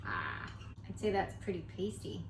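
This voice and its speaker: A woman's voice: lowish voice, wildly swooping pitch, moderate pace. Playful woman baking in an echoey kitchen. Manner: playful, self-mocking, jokey asides. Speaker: host of a home baking show. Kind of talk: casual cooking tutorial. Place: home kitchen with construction noise outside. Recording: echoey kitchen with construction noise.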